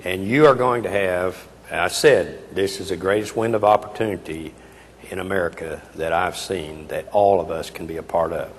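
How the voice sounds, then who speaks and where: A man's voice: low voice, normal speed. A man in his eighties giving a keynote speech in a folksy, emphatic way with frequent hesitations. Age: 80s. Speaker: keynote speaker. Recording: reverberant hall, faint noise.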